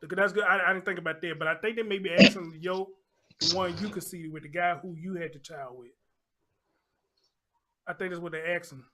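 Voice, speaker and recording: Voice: medium pitch, fairly even intonation, fairly quick, long pauses, sharp tone. Laid-back stream host, chatty, relays chat questions. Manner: casual, joking, reads viewer questions. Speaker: show host. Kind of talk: live-stream call-in chat.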